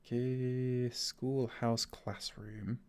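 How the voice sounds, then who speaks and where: A man's voice: medium pitch, level tone, very slow, a little mellow, smooth. A man chatting through a game livestream, thinking aloud and laughing often. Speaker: streamer. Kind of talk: livestream gameplay commentary.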